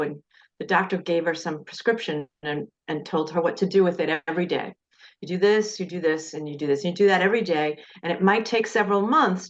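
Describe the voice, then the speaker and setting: A middle-aged woman teaching a class through rambling personal stories, with frequent restarts. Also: on the low side. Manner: rambling storyteller, frequent restarts, acts out quoted voices. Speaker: class instructor. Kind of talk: anecdotal teaching talk. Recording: dull lo-fi recording.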